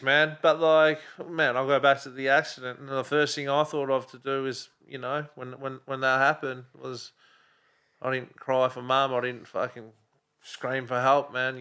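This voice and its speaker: A man's voice: mid-range voice, fairly even intonation, normal speed, pushed and bright, smooth. A middle-aged man with an Australian accent, a podcast guest in casual chat who talks bluntly, swears often and fills his talk with "you know.". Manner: blunt, swears a lot, many fillers.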